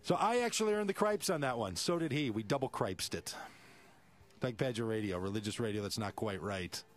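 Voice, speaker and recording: Animated male radio host telling a story. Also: lowish voice, brisk. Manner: animated, acts out quoted voices.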